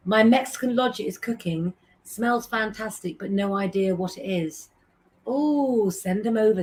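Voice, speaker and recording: A middle-aged woman hosting a casual live stream, chatting as she reads out viewers' names and messages and giving tarot advice. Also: medium pitch.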